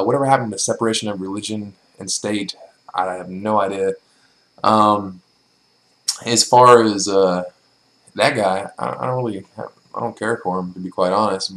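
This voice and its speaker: The audio is poor as a young man with a fairly low, slightly bright voice casually tackles questions from vlog viewers. He talks bluntly, curses freely, and leans heavily on ums and likes.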